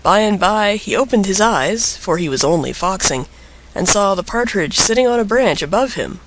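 A man narrating a storybook tale in an expressive, lilting way. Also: sits high, moderate pace, slight background noise, low-quality recording.

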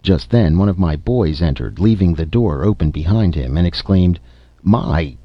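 A man's voice: low voice, animated, moderate pace, no room sound, lo-fi sound. A man narrating a classic story in a dramatic, theatrical audiobook reading.

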